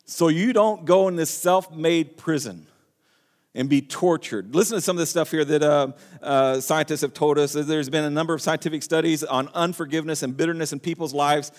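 In a hall full of long reverb, a man gives a sermon at a moderate pace, his voice high for a male speaker. He reads scripture aloud, talks earnestly, and keeps restarting his phrases.

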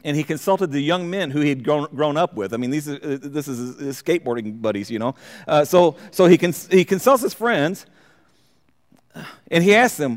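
A man's voice: a little high, animated, moderate pace. A man teaching a verse-by-verse Bible study, reading scripture aloud and commenting on it. He often stumbles and repeats words. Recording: long hall reverb.

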